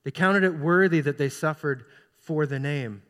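A man preaching from the pulpit with a high-pitched voice, earnestly pressing rhetorical questions on the congregation. His words ring out with the long reverb of a large hall. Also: normal speed, fairly bright tone. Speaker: pastor. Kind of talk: sermon. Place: church sanctuary.

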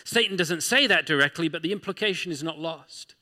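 A man's voice: a little high, a little fast, bright, forceful tone, in a large hall. A man preaching a sermon as pastor, talking through scripture in a conversational way with rhetorical questions.

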